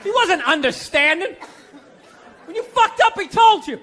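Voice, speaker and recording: A man doing stand-up with a very high, bright voice, swearing and storytelling as he talks with the room. A faint audience murmur and noise sit behind him. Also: lively intonation, measured pace, some chatter behind. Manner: storytelling, cursing, conversational with audience. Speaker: stand-up comedian. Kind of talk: stand-up comedy set.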